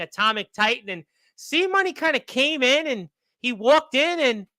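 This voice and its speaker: A man's voice: very high voice, bright, forceful tone, no echo. A man hosting a wrestling radio show, chatty and rambling, laughing along with his guest. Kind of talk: casual sports radio chat.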